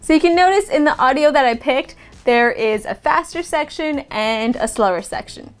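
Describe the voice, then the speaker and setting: Woman, high-pitched, friendly tutorial host, step-by-step explaining, light music underneath. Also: expressive, moderate pace. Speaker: video production teacher. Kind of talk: casual tutorial vlog.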